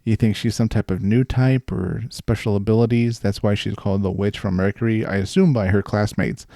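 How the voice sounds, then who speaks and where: A man's voice: lowish voice, steady tone, a little fast, creaky, dark tone, dry recording, clean studio sound. A man co-hosting a casual podcast, joking around and laughing often. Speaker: podcast co-host.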